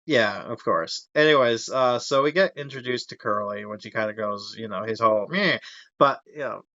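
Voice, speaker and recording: A man's voice: fairly low pitch, normal speed, sharp tone, no echo, lo-fi sound. A young man hosting a casual podcast, rambling through a story recap with frequent laughs and fillers. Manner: rambling, laughs often, acts out character voices. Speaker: podcast host.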